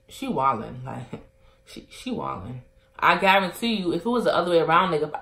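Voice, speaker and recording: A young woman tells a personal story to her vlog camera. She talks casually and acts out both sides of a heated argument, with her voice swinging from low and quiet to loud and animated. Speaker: vlogger telling a story.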